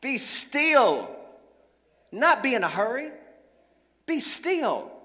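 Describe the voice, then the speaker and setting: Pastor, male, high bright voice, playful preaching, long church-hall reverb. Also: takes it slowly. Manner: lively preaching with humor, calls for congregation responses. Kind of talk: sermon. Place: church sanctuary.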